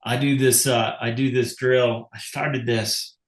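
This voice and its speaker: A man's voice: mid-range voice, fairly even intonation, measured pace. Podcast host man in an echoey room. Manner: reflective, affirming, tells his own coaching stories. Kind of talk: casual interview talk.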